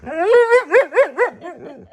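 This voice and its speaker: Slow-talking woman coaxing her dog. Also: very high voice, lively intonation. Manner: coaxing, laughs often. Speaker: dog owner. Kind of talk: casual chat with her pet.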